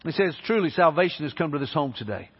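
Man preaching, earnest, slightly high voice, husky, lo-fi sound with long hall reverb. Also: expressive, fast. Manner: earnest, conversational preaching with repeated restarts. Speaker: pastor. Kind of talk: sermon.

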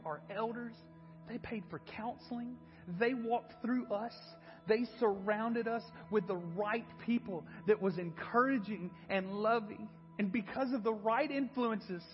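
A man's voice: very high voice, big-room sound, highs cut off. A man preaching a sermon in a church and sharing an earnest personal testimony. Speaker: pastor. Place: church sanctuary.

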